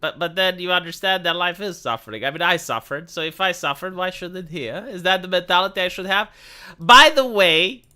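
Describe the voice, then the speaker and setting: A young man hosting a livestream, ranting casually with lots of swearing and big swings in pitch. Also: fast, hardly any pauses, pushed and bright, smooth. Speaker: livestream host.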